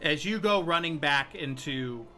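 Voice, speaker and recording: A man running a tabletop game as game master, telling the scene in slow, dramatic narration. His voice is bright and swings widely in pitch, with faint music behind him. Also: lively intonation.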